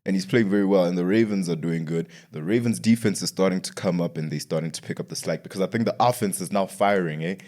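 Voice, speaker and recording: A sports podcast host with a fairly low male voice, talking casually in slangy asides. He vents and circles back to the same complaints over and over, building a rant out of repetition. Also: fast, hardly any pauses, darkish tone.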